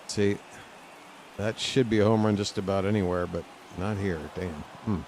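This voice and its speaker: A man streaming live gameplay from a lounge chair at home, talking to the game and reacting loudly as he plays. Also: fairly low pitch, steady tone, moderate pace, a little hiss or hum. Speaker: gaming streamer.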